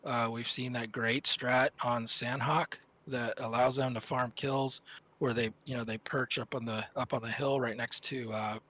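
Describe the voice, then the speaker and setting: A man's voice: medium pitch, little pitch movement, normal speed, pushed and bright. A man commentating a live esports tournament stream, analysing teams in a rambling, self-correcting way.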